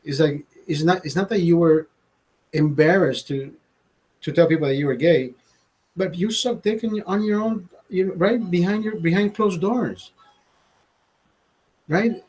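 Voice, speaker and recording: A man's voice: high voice, measured pace, long pauses, a little mellow, slightly rough, poor audio. A man hosting a casual livestream, rambling in a profane, stammering way with many restarts. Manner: laughs at own jokes. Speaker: livestream host.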